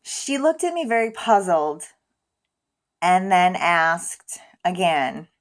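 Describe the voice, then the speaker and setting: A woman's voice: lowish voice, sing-song, slow pace. A young woman telling a storytime vlog in a casual, profane, self-mocking way. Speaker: vlogger.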